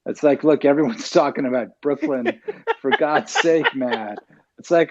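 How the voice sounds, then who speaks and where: A man's voice: mid-range voice, unhurried. A man on a casual group call, joking and teasing, often repeating his words as he starts. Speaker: guest expert. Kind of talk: casual chat. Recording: dull lo-fi audio.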